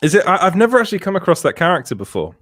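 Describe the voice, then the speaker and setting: A man's voice: high voice, big pitch swings, very fast, fairly bright tone, no echo, studio quality. A man co-hosting a casual live stream, reading out chat comments and laughing often between restarts. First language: French. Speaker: podcast co-host.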